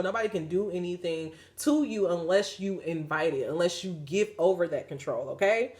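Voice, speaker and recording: Low-voiced woman reading oracle cards. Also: moderate pace, hardly any pauses, a little mellow. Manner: chatty, leans on "like" fillers when speaking off the cuff. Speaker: oracle card reader. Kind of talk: spiritual card reading with casual asides.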